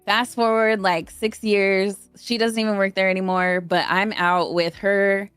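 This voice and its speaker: A woman's voice: medium pitch, flat delivery, measured pace, a bit bright, smooth, dry recording, soft background music. A woman in her thirties, a podcast guest rambling through stories in casual chat. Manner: chatty, rambling storyteller.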